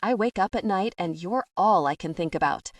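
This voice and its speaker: A woman's voice: on the low side, expressive, moderate pace, no room sound, distant mic. Woman doing a teasing southern teen guy, keeps pushing, dry sound a bit off mic. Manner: teasing and persistent.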